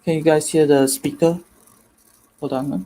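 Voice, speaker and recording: A man's voice: on the high side, flat delivery, warm tone, rough recording. A man presenting a live online demonstration on a video call, explaining step by step and stopping often to correct himself. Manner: halting, self-correcting, step-by-step. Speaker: guest presenter.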